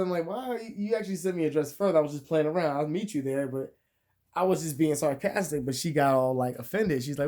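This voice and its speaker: A young male vlogger with a fairly high voice tells a profane storytime rant at a quick pace. Crude and animated, he jumps between loud outbursts and muttered asides.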